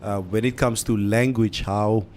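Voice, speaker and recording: A man's voice: lowish voice, fairly even intonation, a little slow, darkish tone, a little hiss or hum. A man in his fifties co-hosting a radio show from a studio, reading out listener comments between bursts of laughter and mixing English with Afrikaans. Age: over 50.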